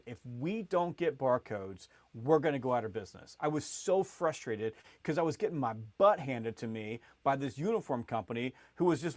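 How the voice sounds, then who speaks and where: A middle-aged man with a fairly high voice spins an animated sales story as a podcast guest. His volume and pitch climb as the tale builds, and his words often tumble into quick restarts. The sound is close and dry, with no room around it. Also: dry recording.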